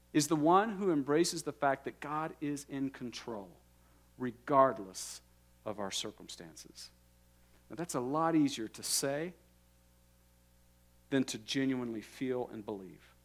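A man preaching a sermon as a guest pastor in a church, earnest and lively, slowing down for emphasis and letting phrase endings fall soft. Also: fairly high pitch. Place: church sanctuary.

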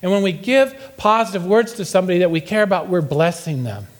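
A middle-aged pastor preaches a humorous sermon in a church sanctuary, his high voice quick and lively in intonation. He tells playful stories and acts out the quotes.

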